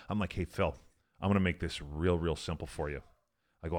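A man telling profane, animated stories as a podcast guest, laughing as he goes. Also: low-pitched, brisk. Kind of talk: casual storytelling.

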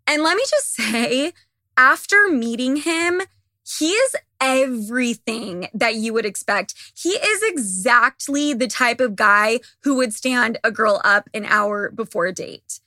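Young woman podcast host, candid profane rant, slightly high and sharp, dry close mic. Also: expressive, unhurried, dry recording. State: slightly losing her voice. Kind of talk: casual monologue.

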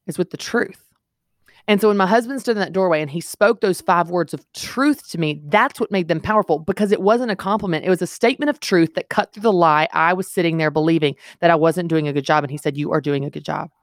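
A woman with a low voice speaks as a guest author on a podcast, earnest and emphatic as she tells her stories. The sound is dry and close, with no room around it. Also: brisk, no room sound. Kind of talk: podcast interview.

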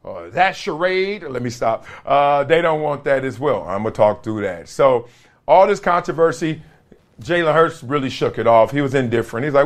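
Young adult man, podcast host, casual slangy sports chat with lots of laughs and lively pitch. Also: moderate pace. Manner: animated, slangy, laughs between jokes.

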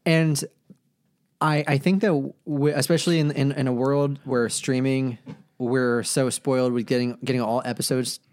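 A man's voice: medium pitch, flat delivery, moderate pace, a little mellow, clean tone. Rambling, filler-heavy male podcast host. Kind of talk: casual chat.

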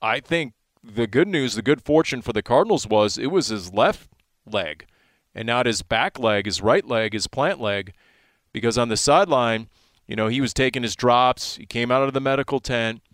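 A man working as a sideline reporter, chatting on a sports radio show and telling animated stories, his voice jumping up when he gets excited. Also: mid-range voice, moderate pace, no room sound. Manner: animated storytelling, voice jumps up in excitement.

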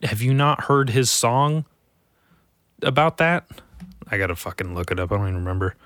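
A man's voice: mid-range voice, normal speed, a bit bright, dry recording, clean studio sound. A young man hosting a solo podcast, grumbling and swearing as he reads out local headlines. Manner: profane, irritable, grumbling. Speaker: podcast host.

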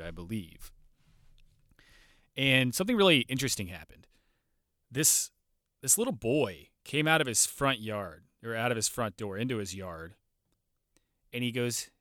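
Man, podcast host, casual storytelling, animated, crisp bright tone, dry close mic. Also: medium pitch, moderate pace, long pauses, dry recording. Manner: warm, animated, loose and profane, mimics voices in anecdotes.

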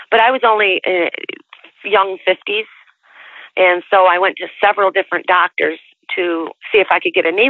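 A woman's voice: fairly low pitch, no room sound. A woman in her sixties telling her life story in a chatty, rambling way, with frequent restarts, heard over the telephone. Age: 60s. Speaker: interviewee. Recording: tinny dry phone line.

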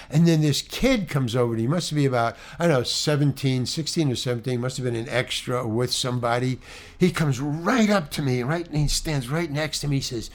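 A man at a medium, ordinary pitch recounts a story, stumbling and restarting as he goes. His telling is animated, jumping between loud outbursts and quiet, confiding asides. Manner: animated, halting, many restarts and repeats. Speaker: actor. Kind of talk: anecdotal storytelling.

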